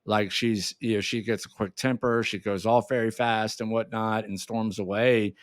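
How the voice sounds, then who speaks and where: A man hosting an interview over a call, talking in a friendly, relaxed way. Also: lowish voice, normal speed, dry recording, clean studio sound. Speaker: host. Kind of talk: casual interview talk. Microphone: remote call.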